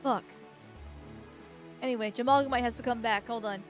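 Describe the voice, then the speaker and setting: A woman's voice: on the high side, fairly even intonation, moderate pace, soft background music. A woman streamer giving gameplay commentary in a crude, rambling way, swearing a lot.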